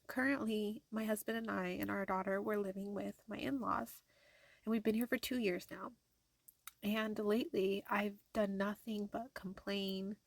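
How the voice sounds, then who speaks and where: A young woman talking softly and hesitantly in a personal diary vlog, with many fillers and restarts. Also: mid-range voice, creaky, no echo. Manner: soft-spoken, hesitant, lots of fillers and restarts. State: tearful at times. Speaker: vlogger.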